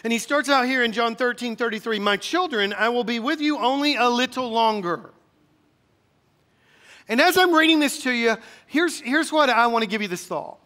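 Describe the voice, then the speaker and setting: Pastor, male, very high bright tenor, energetic preacher leading call-and-response, church hall echo. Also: moderate pace. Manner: energetic, rises to shouting bursts; leads congregation call-and-response. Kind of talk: sermon. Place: church sanctuary.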